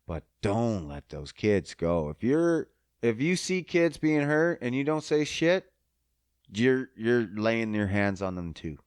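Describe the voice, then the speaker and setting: Slow, angry ranting man. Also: mid-range voice, sing-song, smooth, no room sound. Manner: angry, heavily profane, emphatic. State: choked up. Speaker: podcast host. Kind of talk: emotional monologue rant.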